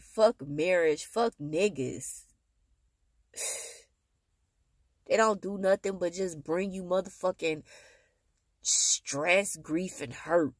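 A woman's voice: fairly low pitch, dry recording. Tired woman, bitter profane venting, heavy sighs, phone mic, dry close sound. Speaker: vlogger. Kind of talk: emotional venting monologue.

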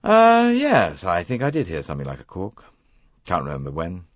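A man voicing an angry, defiant young man who speaks bluntly and gruffly. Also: sits low, huge pitch swings, moderate pace, no echo, full character voice. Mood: casual.

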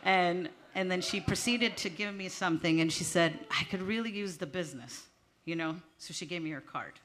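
Bright-voiced nervous woman doing stand-up. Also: fairly low pitch, moderate pace. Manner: nervous, chatty, laughing at herself. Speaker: stand-up comedian. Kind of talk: stand-up comedy set. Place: small theater stage before a live audience. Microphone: handheld stage mic.

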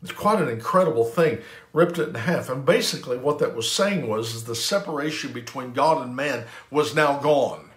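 A man's voice: mid-range voice, normal speed, reverberant. A pastor giving an emphatic sermon, repeating phrases and restarting lines as he preaches.

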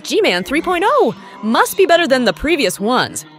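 A woman hosting a reaction video, giving excited commentary full of dramatic gasps and exclamations. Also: moderate pace, faint music behind. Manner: dramatic gasping exclamations, swooping from squeals to low murmurs.

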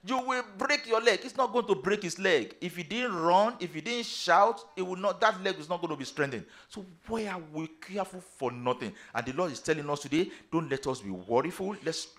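A man's voice: high voice, expressive, brisk, few pauses, fairly bright tone. Preaching man with emphatic declarations. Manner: preaching with emphatic rising declarations and repeated phrases. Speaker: pastor. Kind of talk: sermon.

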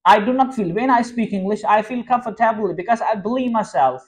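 A Pakistani-accented man whose speaking voice sits high for a man teaches English in an informal lesson. His first language is Sindhi, and he keeps reassuring his students, repeating himself and restarting sentences as he goes. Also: fairly quick. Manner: reassuring, repetitive, frequent restarts.

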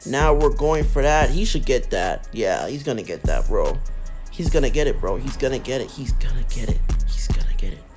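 A man giving casual, excitable commentary over his own mobile basketball game and talking straight to his viewers. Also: medium pitch, normal speed, over music. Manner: excitable, talks to viewers, says man and bro a lot. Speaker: mobile game channel host.

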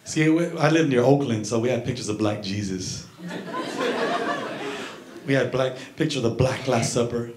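A man's voice: medium pitch, normal speed, long pauses, noisy background. A middle-aged man doing a chatty stand-up comedy set, riffing and teasing the crowd on a club stage. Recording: echoey club with audience. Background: crowd laughter.

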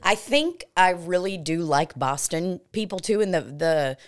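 A woman with a very low speaking voice co-hosts a comedy podcast. She tells loose, rambling stories full of swearing and acts out what people said along the way. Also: animated, a little slow. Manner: profane, rambling storytelling with acted-out quotes. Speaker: podcast co-host. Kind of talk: casual comedy podcast chat.

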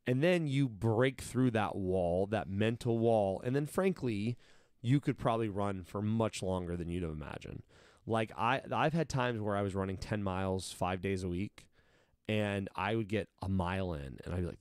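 Deep-voiced man telling stories in a dry room. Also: moderate pace, smooth, dry recording. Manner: animated, acts out quotes of himself and others. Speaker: combat sports coach. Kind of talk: casual storytelling in an interview.

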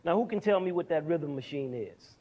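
A man's voice: on the high side, expressive, brisk, warm tone, husky, highs cut off. A middle-aged man presenting a music lesson for young people, asking questions and answering them himself, with counting and sound demonstrations. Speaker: music educator hosting a TV series.

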